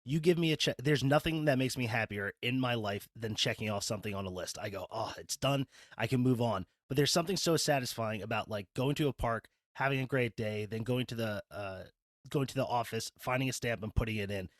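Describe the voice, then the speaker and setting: A man's voice: medium pitch, fairly quick, no echo. An enthusiastic, playful man hosts a casual interview podcast in a mid-range voice. His sound is close and dry, with no room around it. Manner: enthusiastic, playful, laughs easily. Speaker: podcast host.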